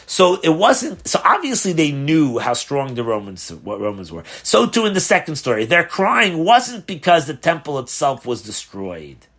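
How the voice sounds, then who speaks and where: A rabbi teaching a class on a religious text, posing questions and answering them in a conversational, animated way. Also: male voice, fairly high pitch, moderate pace, few pauses, slightly rough. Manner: asks rhetorical questions, animated emphasis. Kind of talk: Torah class explaining a text.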